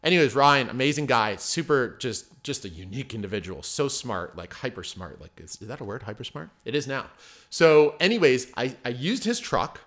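A man, a mindset coach, telling stories in a casual, animated way as a podcast guest. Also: medium pitch, fairly quick. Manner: animated, acts out voices in anecdotes. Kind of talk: casual storytelling.

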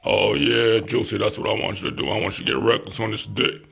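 Gravelly low man trash-talking, out of breath. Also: fairly even intonation, fairly bright tone. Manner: boastful rapid-fire trash talk. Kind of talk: casual chat.

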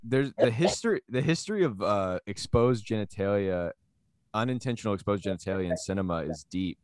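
Low-voiced man in dry, rambling banter. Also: animated, fairly quick, darkish tone, no echo. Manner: rambling, with frequent restarts and laughter. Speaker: comedian and podcast co-host. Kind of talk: casual banter.

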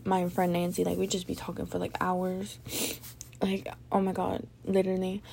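A young woman chatting alone on her podcast, her voice gravelly with fry. She rambles loosely, swears freely and sounds drowsy between yawns. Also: lowish voice, little pitch movement, a little fast, darkish tone, a little hiss or hum. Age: young adult. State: sleepy, yawning. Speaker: podcast host. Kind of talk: casual solo podcast chat.

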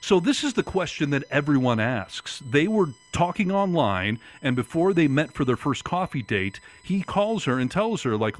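A man's voice: fairly high pitch, sing-song, normal speed, few pauses. A middle-aged man, a radio talk show host, telling a personal story in casual chat and acting out the voices of people he quotes.

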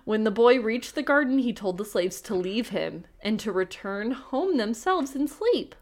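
A woman's voice: fairly high pitch, expressive, a little slow. Playful woman reading a folktale aloud. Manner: reads aloud, breaks off to joke and swear. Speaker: podcast co-host reading a folktale. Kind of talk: casual chat and storybook reading.

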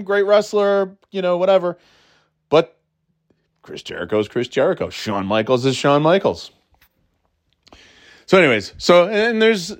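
Rambling man chatting casually. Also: high voice. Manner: rambling, many fillers and restarts, jokey asides; breaks into short mock catchphrase imitations. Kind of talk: casual solo chat.

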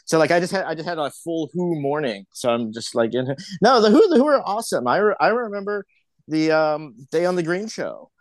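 A middle-aged man from the San Francisco Bay Area, a filmmaker guest telling lively stories in casual chat and acting out the quotes. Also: a little high, a little fast, no echo. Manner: animated storyteller, acts out quotes.

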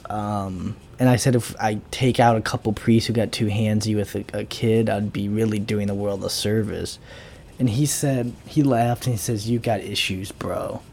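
A young man rambling through a sarcastic, deadpan comic monologue as host of his own talk show. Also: on the low side, normal speed, creaky, slight background noise. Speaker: podcast host. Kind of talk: casual comedic monologue.

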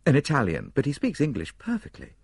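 A man voicing a brisk, earnest middle-aged doctor, speaking urgently. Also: medium pitch, wildly swooping pitch, creaky, breathy edge, no echo, clean studio sound, pitched above the performer's own voice, exaggerated voice.

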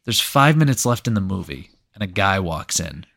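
A man's voice: low voice, very animated, moderate pace, vocal fry, fairly bright tone. A man co-hosting a podcast. He tells a story in a rambling, casual way, full of "like" and freely swearing. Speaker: podcast co-host.

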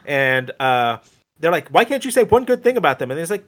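A man's voice: fairly high pitch, very animated, fairly quick, fairly bright tone. A man co-hosting a podcast, casually retelling a cartoon episode with lots of fillers. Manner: rambling retelling with many fillers. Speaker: podcast co-host. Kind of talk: casual chat.

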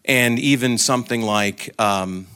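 A man's voice: mid-range voice, measured pace, sharp tone, clean tone. A man giving an informal talk to a group, telling anecdotes and joking, with frequent restarts. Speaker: guest speaker.

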